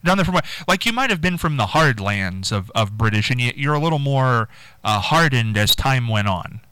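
A playful male radio host chatting with callers on a morning call-in show. His voice is smooth and resonant, and his pitch moves around freely. The studio sound is dry and close. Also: expressive, moderate pace, sharp tone, no echo.

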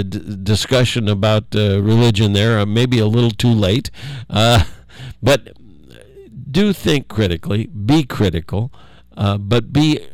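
An older man giving a rambling, folksy local monologue, halting with many fillers and frequent chuckles. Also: on the low side, dry recording.

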